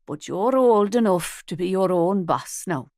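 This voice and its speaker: A woman's voice: lowish voice, animated, unhurried, a little mellow, no echo, clean studio sound. A woman voicing Esme, a wry older woman. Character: older woman guest house owner, sharp-witted, curious.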